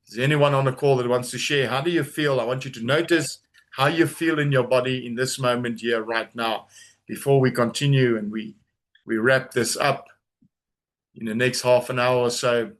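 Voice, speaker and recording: A man coaching a group on a video call, guiding a calm body exercise with slow, soothing, repeated instructions and pauses. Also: mid-range voice.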